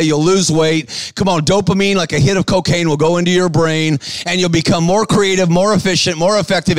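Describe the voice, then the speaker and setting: A man with a high, bright voice preaches with fire, shouting and urging the crowd to answer him. He switches between rapid patter and slow, heavy emphasis. The sound is close and dry. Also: dry recording. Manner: fiery, shouting calls for the crowd to respond; bursts of quick patter between slow, stressed lines. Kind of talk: sermon to a live audience.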